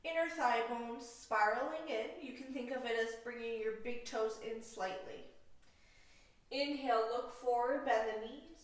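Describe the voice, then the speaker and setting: A woman leading a vinyasa yoga class, calmly cueing breaths and poses with a playful aside now and then. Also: a little high, distant mic. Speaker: yoga instructor. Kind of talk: guided yoga class instruction. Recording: roomy echo, voice from off mic.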